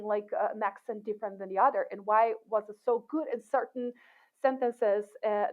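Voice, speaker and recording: A woman academic being interviewed, talking in a thoughtful, relaxed way with many fillers and restarts. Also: mid-range voice. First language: not English. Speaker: assistant professor, guest. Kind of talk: casual interview talk. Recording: tinny phone-like line.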